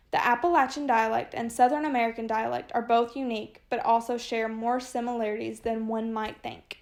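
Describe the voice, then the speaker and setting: A young woman reading a prepared class presentation aloud in even, list-like phrases. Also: a little high. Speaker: student presenter.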